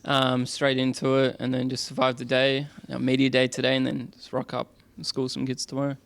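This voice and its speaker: Gravelly, casual male player. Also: medium pitch, monotone, brisk, no echo. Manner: matter-of-fact, casual.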